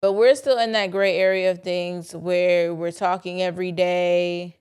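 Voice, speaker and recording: A woman's voice: lowish voice, steady tone, a little slow, a little mellow, clean tone. A young woman, talking candidly to her listeners in a casual solo podcast. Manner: candid, chatty, confiding with listeners. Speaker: podcast host.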